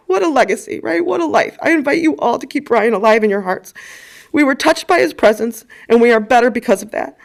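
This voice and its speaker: A woman's voice: fairly high pitch, animated, a little fast, creaky. A woman in her forties giving a eulogy, telling personal stories in a chatty way with frequent ums. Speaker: eulogist at a funeral.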